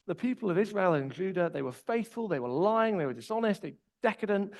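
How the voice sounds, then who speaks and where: Young guy preaching, kinda high voice with lots of vocal fry, chatty storytelling. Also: brisk, rough recording. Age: 20s. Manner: relaxed storytelling, personal anecdotes. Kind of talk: conversational sermon.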